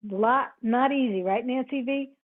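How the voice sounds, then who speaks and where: Woman, yoga instructor, higher voice, short cues and counts, tinny call audio. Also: measured pace. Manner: chatty asides to students. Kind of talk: cueing a live online class. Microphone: video call.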